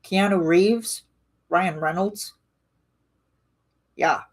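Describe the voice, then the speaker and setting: A woman's voice: lowish voice, extremely slow. A woman rambling casually in a live-stream chat with her viewers, full of restarts and fillers. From Canada.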